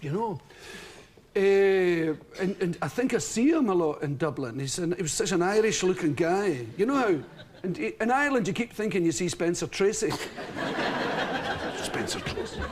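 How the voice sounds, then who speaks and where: A man's voice: high-pitched, animated, normal speed. A Scottish man, a chat-show guest, telling a long rambling anecdote and laughing through it. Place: television studio.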